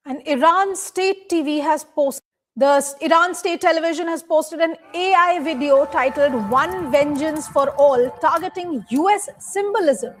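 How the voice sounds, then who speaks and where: High-voiced woman reading a news report. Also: measured pace, rough recording. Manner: reads with slips and restarts. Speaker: news reader in a played clip.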